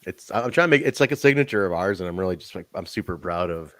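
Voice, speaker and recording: A young man hosting a podcast, telling backstage stories in an animated, laughing, profanity-filled way. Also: low-pitched, fast, no room sound. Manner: animated, swearing, laughing storyteller. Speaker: podcast host. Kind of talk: casual chat.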